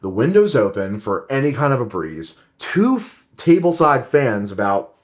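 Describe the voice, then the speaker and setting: A man's voice: mid-range voice, big pitch swings, normal speed. Young man ranting in mock outrage. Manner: mock-indignant ranting, swearing. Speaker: podcast co-host, strongman competitor. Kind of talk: casual podcast chat with a comic rant.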